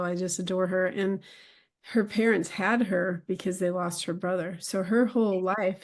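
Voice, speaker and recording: A middle-aged woman hosts a podcast interview in a chatty, animated way. Her pitch sits in a comfortable middle range. She gets lively as she shares personal stories. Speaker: podcast host.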